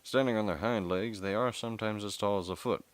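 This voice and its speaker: Reassuring Southern-accented biologist, played by a man, soft-spoken and knowledgeable, pitched slightly up. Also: fairly quick, dry recording, natural voice. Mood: assured.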